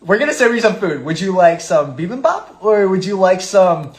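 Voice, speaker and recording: Animated young man chatting on a livestream. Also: high-pitched, moderate pace, heavy background noise. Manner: rambling, giggly storytelling. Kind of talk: casual chat.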